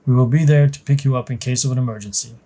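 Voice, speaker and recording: Brief: commanding female captain, firm clipped orders, game story, voiced by a man with a mellow voice. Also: medium pitch, fairly even intonation, racing, lightly acted. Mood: stern. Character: stern woman military captain, commanding.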